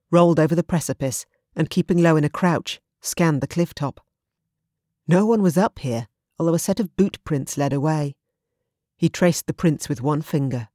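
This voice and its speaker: A man narrating an audiobook in a steady, measured storytelling manner. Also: on the high side, no room sound, clean studio sound.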